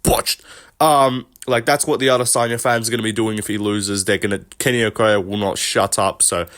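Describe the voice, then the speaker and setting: A man's voice: lowish voice, fairly even intonation, a little fast, fairly bright tone. A man giving casual solo commentary on fights, blunt and profane in his banter. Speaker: MMA commentator.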